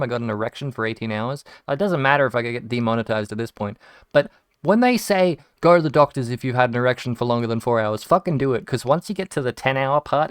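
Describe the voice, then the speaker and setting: A man's voice: mid-range voice, clean tone, dry recording, studio quality. A young Australian man telling rambling stories full of restarts and swearing while he plays a game. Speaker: video game streamer. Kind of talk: casual storytelling while gaming.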